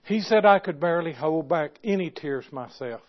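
A man preaching a sermon, moving from quiet, hushed storytelling to loud, impassioned exhortation. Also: fairly high pitch, lively intonation, normal speed. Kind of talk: sermon with stories. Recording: dull lo-fi recording.

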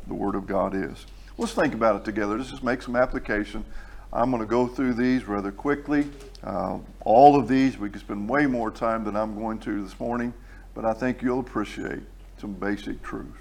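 Speaking in a mid-range voice, a man delivers a sermon to his congregation, alternating between soft, chatty asides and slow, booming, emphatic statements.

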